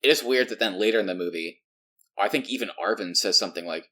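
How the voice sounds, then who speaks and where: A man co-hosting a movie review podcast in casual chat, animated and laughing often, dropping to low mutters. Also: quick pace. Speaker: podcast co-host.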